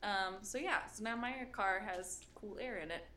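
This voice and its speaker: A woman's voice: medium pitch, normal speed, bright, forceful tone, a little hiss or hum. A young woman co-hosting a podcast, telling a story in a rambling, casual way, laughing often and swearing freely. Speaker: podcast co-host.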